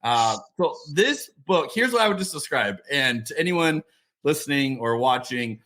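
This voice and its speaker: A man's voice: mid-range voice, animated, fairly bright tone. Middle-aged guy hosting a podcast, loose chatty talk, lots of uh and restarts. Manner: halting, many restarts and fillers. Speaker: podcast host. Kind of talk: casual interview chat.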